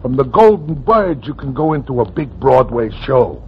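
A gruff, slangy theater owner from an old radio drama. He talks in brusque, oddly formal phrases with a lively, swinging delivery. The recording is dull and muffled. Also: medium pitch, normal speed, slight background noise. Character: gruff male burlesque theater owner, fast-talking. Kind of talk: 1940s radio acting.

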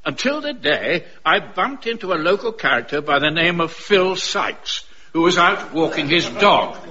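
Pompous hapless gent narrating, animated, dull radio sound. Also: male voice, a little high, moderate pace, slight background noise. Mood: melodramatic. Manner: theatrical, melodramatic. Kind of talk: radio comedy narration and dialogue.

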